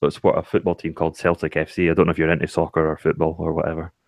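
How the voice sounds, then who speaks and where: A man with a very deep, low voice, chatting in a wry, rambling, self-deprecating way. The sound is dry and close. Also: completely flat delivery, racing, gravelly, a little mellow, dry recording. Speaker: channel host. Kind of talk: casual chat.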